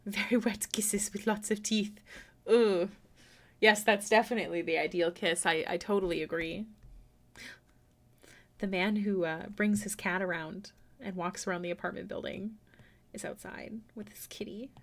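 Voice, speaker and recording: A young woman chatting casually with her viewers on a live art stream, self-deprecating and prone to sudden excited exclamations. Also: mid-range voice, moderate pace, long pauses. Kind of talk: casual live-stream chat while drawing. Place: home room.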